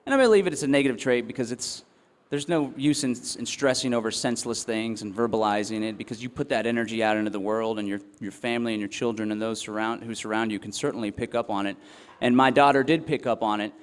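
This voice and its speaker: A young man giving a talk to a festival audience, earnest and reflective, pausing often with ums and restarting his phrases. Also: mid-range voice. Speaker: festival speaker. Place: event hall or tent. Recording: long hall reverb.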